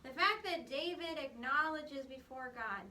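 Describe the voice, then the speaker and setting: A woman leads a Bible class at an unhurried pace, explaining and stressing points with "um" and "okay". Her voice sits high and sounds crisp. She is picked up from across an echoey room, with faint room noise behind her. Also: lively intonation, sharp tone. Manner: emphatic and explanatory, with frequent "um" and "okay". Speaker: Bible study teacher. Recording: echoey room recorded from far off.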